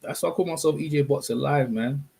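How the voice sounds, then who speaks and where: Fairly high in pitch and quick, this man's voice is creaky and mellow with a breathy edge. He runs a laid-back boxing live stream, chatting and rambling to his viewers while often correcting himself.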